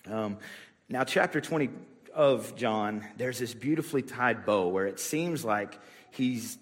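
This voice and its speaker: A man's voice: medium pitch, a little slow, big-room sound. A man preaching a sermon to his church in a loose, conversational way, with frequent fillers and restarts. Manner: casual, rambling with many fillers and restarts. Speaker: pastor. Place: church sanctuary.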